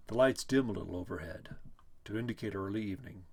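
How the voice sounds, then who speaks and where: A man giving a dramatic reading of a play, voicing the stage directions in a measured way. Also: lowish voice, creaky, background noise. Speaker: reader.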